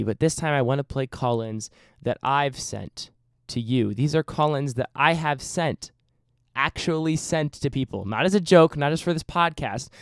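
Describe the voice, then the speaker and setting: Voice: mid-range voice, dry recording, studio quality. A podcast host chatting casually at home, goofy and rambling, breaking into bits of song.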